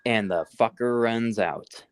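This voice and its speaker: A man with a fairly low voice tells a story on a casual podcast. He swears constantly and gets more heated as he goes. His voice sounds dry and close, with almost no room echo. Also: slow pace. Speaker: podcast co-host. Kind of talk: casual chat.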